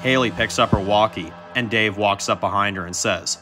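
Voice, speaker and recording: A man reading a survival story aloud, plain and steady in delivery. His voice is bright, and faint music plays underneath. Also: on the low side, moderate pace. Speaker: narrator.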